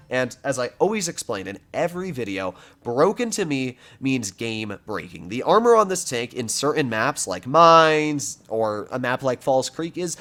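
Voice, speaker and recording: A young man giving emphatic, argumentative commentary over his own gameplay. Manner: lively, animated pitch, argumentative and emphatic. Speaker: gaming commentator.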